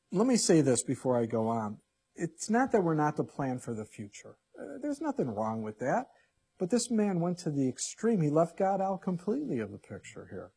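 A man's voice: fairly high pitch, darkish tone, husky. A man preaching a sermon, reading scripture with drama and asking the congregation questions. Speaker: pastor.

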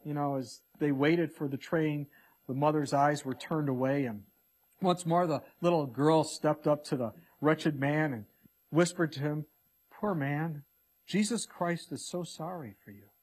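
A man preaches a sermon in a husky, slightly high voice. He reads scripture aloud and moves between hushed, quiet asides and emphatic, raised declarations. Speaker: pastor.

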